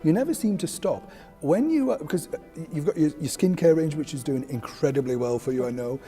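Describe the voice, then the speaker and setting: An interviewer asking chatty questions in a celebrity interview, effusive and quick, laughing often. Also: mid-range voice, lively intonation, dark tone, soft background music.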